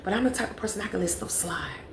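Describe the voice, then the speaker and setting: This young woman's storytime vlog moves at a quick pace in a mid-range voice. Chatty and addressing viewers directly, she repeats phrases for emphasis, recorded in an echoey space with faint noise behind her.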